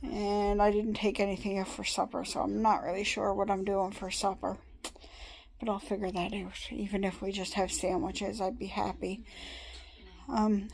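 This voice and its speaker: A woman's voice: medium pitch, gravelly, a little mellow, rough recording. Chatty middle-aged woman vlogging. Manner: rambling and chatty, with frequent small laughs. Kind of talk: casual vlog chat.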